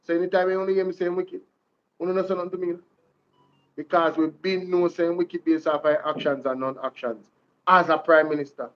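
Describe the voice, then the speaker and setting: A man's voice: a little high, fairly even intonation, fairly quick, lo-fi sound. Jamaican man giving fiery commentary. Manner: preacher-like, repeats lines, addresses viewers as "ladies and gentlemen" and "Jamaica". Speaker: commentary vlog host. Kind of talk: political commentary.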